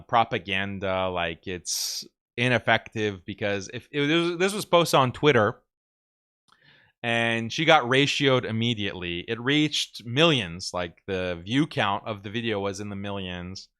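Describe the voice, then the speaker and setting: A man's voice: on the low side, a little slow, sharp tone, clear, resonant tone. A man hosting a commentary show, talking casually in a sarcastic, mocking way and chuckling often. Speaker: host.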